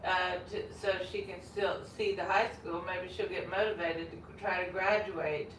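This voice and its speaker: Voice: medium pitch, steady tone, normal speed, a bit bright. A channel host chatting in a rambling, self-correcting way, heard from a distance in a roomy space. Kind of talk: casual chat. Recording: roomy, distant, faint noise.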